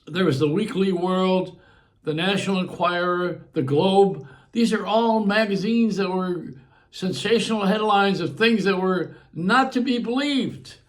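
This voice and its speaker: A man's voice: sits high, a little slow. An older man, a longtime radio host from Buffalo with a New York accent, rambling through a casual monologue and chuckling as he digresses.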